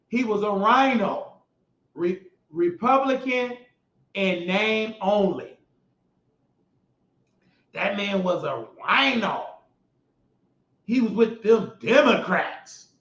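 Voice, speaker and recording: A man's voice: very high-pitched, a bit bright. A young man hosting his own show, giving emphatic, mocking, slangy political commentary. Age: young adult. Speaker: show host. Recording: roomy, dull lo-fi sound.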